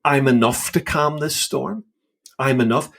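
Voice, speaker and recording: A man's voice: mid-range voice, a little slow, vocal fry. Emphatic man explaining scripture. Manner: animated, emphatic, acts out quoted lines. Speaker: podcast co-host. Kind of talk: casual theological discussion.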